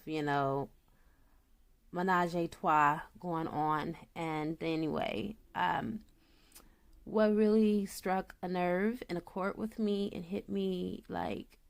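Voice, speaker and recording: A woman reading tarot for her viewers, a naturopath who talks in an excitable, chatty way straight to the audience and slips into a solemn tone for invocations. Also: on the low side. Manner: solemn invocation voice when calling spirits.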